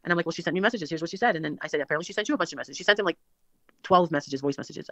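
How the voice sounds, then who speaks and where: A woman's voice: fairly low pitch, animated, racing, a bit bright, dry recording. A woman telling a rambling personal story, breathless and full of fillers and quoted dialogue, heard as a played clip. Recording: dull lo-fi clip audio.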